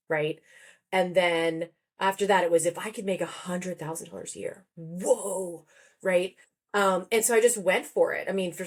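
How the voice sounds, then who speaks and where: A woman in her forties with a slightly low voice tells her story as a podcast guest. She talks in a relaxed, chatty way. She slips into quoted voices as she goes. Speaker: guest, therapist and author. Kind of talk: conversational podcast interview.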